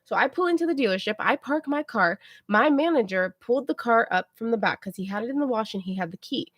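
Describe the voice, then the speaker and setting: A woman livestreamer telling a story to her viewers in a casual, animated way, often checking in with them. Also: fairly high pitch, fast talker, no echo, studio quality. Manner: chatty, animated retelling, keeps checking in with "okay?".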